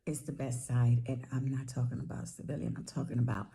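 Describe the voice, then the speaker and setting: A middle-aged woman recording a casual video message for a friend, chatty and animated, telling a playful teasing story. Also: very deep voice, a little fast, creaky, poor audio. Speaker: retired sailor, friend giving a video tribute.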